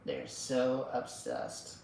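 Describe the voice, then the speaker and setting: A man's voice: mid-range voice, big pitch swings, drawn-out words, vocal fry, a little mellow, reverberant, slight background noise, low-quality recording. A man hosting a casual political podcast, talking in crude, profane banter. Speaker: podcast host.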